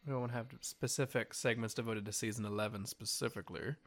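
A man's voice: on the low side, steady tone, a little fast, fairly bright tone. A man co-hosting a podcast in casual chat, jokey and talkative. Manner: chatty, jokey, wraps up. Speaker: podcast co-host.

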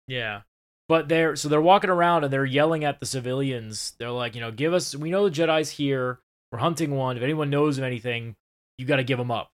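A man co-hosting a casual podcast, recapping a show with animated, swearing retellings. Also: mid-range voice, fairly quick. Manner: animated, swearing, acts out scenes in quoted voices. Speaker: podcast co-host.

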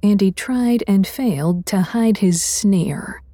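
A woman reading first-person fantasy fiction as narrator in a measured, wry way. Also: medium pitch, warm tone, no echo.

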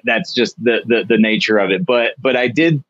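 A man's voice: mid-range voice, moderate pace, fairly bright tone, dry recording. Hesitant man on a dull, dry line. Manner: hesitant, many restarts. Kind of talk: casual chat.

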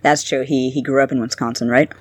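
Agreeable, easygoing woman co-host from Canada; relaxed chat, close and dry. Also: rumbling low, brisk, no room sound. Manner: agreeable, easygoing, laughs often. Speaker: podcast co-host. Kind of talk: casual podcast chat.

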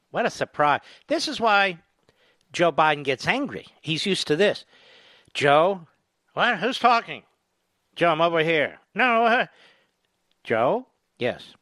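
A man's voice: fairly high pitch, lively intonation, measured pace, long pauses, fairly bright tone, no room sound, studio quality. A middle-aged man hosting a political talk radio show, delivering a mocking, sarcastic monologue.

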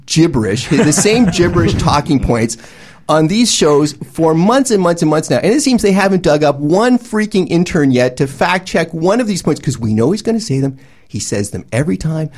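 A man's voice: fairly high pitch, darkish tone. A man ranting emphatically and sarcastically as a panelist in a discussion.

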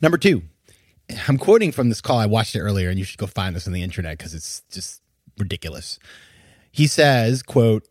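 A man's voice: lowish voice, sing-song, a little fast, breathy edge, dry recording. Man, podcast host, opinionated monologue, indignant, emphatic, dry close sound. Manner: indignant, emphatic, laughs in disbelief.

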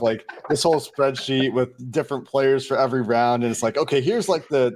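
A man co-hosts a sports podcast in relaxed chat, working through his reasoning out loud. He strings ideas into long lists and often restarts a phrase mid-thought. His voice sits at a plain middle pitch. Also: slight background noise. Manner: analytical, long run-on lists, frequent restarts. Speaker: podcast co-host.

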